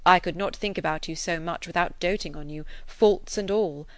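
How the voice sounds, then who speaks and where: A woman voicing an earnest, affectionate gentleman who gently reproves the woman he loves, in an audiobook reading. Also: fairly low pitch, moderate pace, no echo, natural voice.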